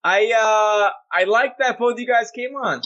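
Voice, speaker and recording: A man's voice: sits high, unhurried, pushed and bright, muffled recording. A man hosting a podcast over a video call, joking and swearing freely in loose casual chat. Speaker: podcast host.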